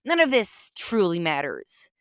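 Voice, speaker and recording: A woman narrating a comedic gameplay video in a deadpan, sarcastic way. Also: fairly low pitch, unhurried, clean tone, no echo, clean studio sound.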